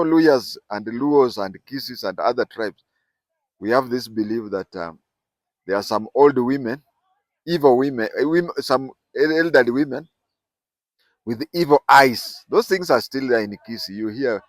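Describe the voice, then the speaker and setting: A man's voice: on the low side, no room sound. Older Kenyan man telling a rambling family story. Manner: digressive, repeats and corrects himself mid-sentence. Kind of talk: casual oral storytelling.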